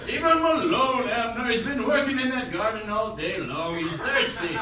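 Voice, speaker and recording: A man's voice: extremely high pitch, moderate pace. A man doing a cooing old grandma in mock brogue. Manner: cooing, fussy. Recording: echoey club, far from the camera, noisy.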